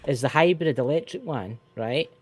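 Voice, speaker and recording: A Scottish man co-hosting a casual podcast chat, animated and swearing, repeating himself when worked up. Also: fairly high pitch, normal speed, slightly rough. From Scotland. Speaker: co-host.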